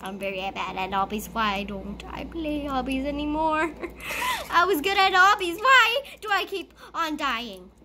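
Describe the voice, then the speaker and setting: A woman's voice: sits high, sing-song, unhurried, pushed and bright. A woman giving live gameplay commentary, panicky, pleading and screaming often as she plays. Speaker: gamer.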